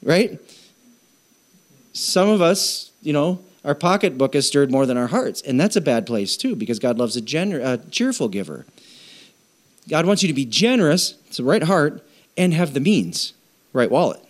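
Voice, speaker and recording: Animated, joking male pastor, higher voice. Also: moderate pace. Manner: conversational, joking preacher with animated asides. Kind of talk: sermon.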